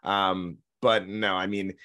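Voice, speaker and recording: A man co-hosting a podcast in casual chat, blunt and excitable, laughing often. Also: sits low, slow pace. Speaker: podcast co-host.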